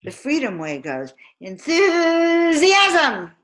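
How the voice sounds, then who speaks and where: A woman's voice: mid-range voice, a little slow, fairly bright tone, poor audio. A woman spiritual teacher giving a live motivational talk, chanting affirmations and calling out questions to her audience. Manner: emphatic, chanting affirmations, calls and responses. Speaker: spiritual teacher and card reader.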